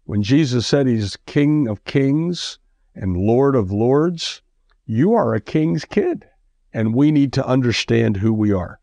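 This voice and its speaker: A man's voice: medium pitch, expressive, takes it slowly, gravelly, dark tone, no room sound. A man preaching a radio sermon, earnest and exhorting, with lots of repetition.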